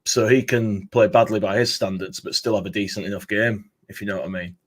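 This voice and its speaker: A man's voice: fairly low pitch, fairly even intonation, brisk. A man co-hosting a casual football podcast, blunt and bantering. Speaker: podcast co-host.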